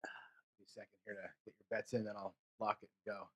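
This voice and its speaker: Husky man grumbling over dice rolls. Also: lowish voice, little pitch movement, fast. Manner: frustrated, swearing, muttering to viewers between rolls. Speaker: craps streamer. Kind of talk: casual live commentary while rolling dice.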